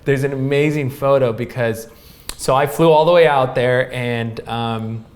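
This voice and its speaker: A man in his thirties tells a long story as a guest in a casual interview. He leans on fillers and quick restarts. His pitch sits in the middle of the male range. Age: 30s. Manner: animated, laughing, filler-heavy storytelling. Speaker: guest, pro snowboarder.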